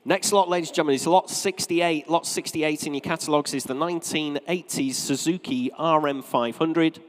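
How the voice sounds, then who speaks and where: A man from North East England with a light regional accent, calling bids at a live auction from the rostrum, with brisk repetitive patter and joking asides. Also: on the high side, fairly even intonation. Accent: North East English. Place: auction sale room, from the rostrum. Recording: long reverb of a large sale room.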